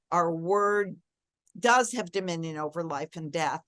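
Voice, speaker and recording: A woman's voice: fairly low pitch, measured pace, a bit bright, no echo, clean studio sound. Earnest middle-aged woman telling a story. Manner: earnest, reflective, emphatic on key words. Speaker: interview guest. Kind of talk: personal storytelling in an interview.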